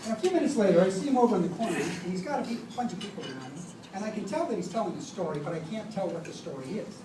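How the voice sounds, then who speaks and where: A man's voice: high-pitched, expressive, racing. A middle-aged man delivering a eulogy and telling humorous stories about his father. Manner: storytelling, humorous anecdotes. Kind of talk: eulogy speech. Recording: echoey room, distant mic, background noise.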